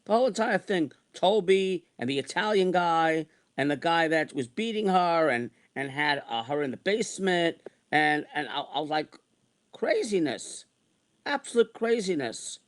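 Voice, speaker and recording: A man in his sixties delivers a long venting rant, circling back to the same complaints again and again. His voice sits a touch high for a man, and he sounds worn out and exasperated. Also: expressive, moderate pace, hardly any pauses. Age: 60s. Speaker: online streamer. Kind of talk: ranting monologue.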